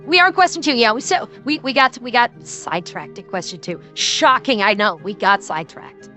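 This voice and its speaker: A woman with a Midwestern accent chats casually on a stream, rambling and restarting her sentences, laughing often. Her voice sits a little high and sounds bright and sharp, with faint music in the background. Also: lively intonation, fairly quick. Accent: Midwestern American.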